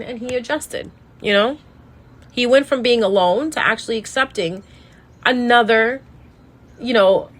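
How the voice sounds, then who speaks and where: A woman's voice: fairly high pitch, fairly bright tone. Emotional woman rambling through a sad story. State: sad, tearful. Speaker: tarot reader. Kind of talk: casual storytelling monologue.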